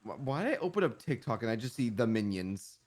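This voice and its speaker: A man's voice: mid-range voice, very animated, fast, a little mellow. A man from Britain co-streaming, teasing and playful in casual chat. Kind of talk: livestream chat.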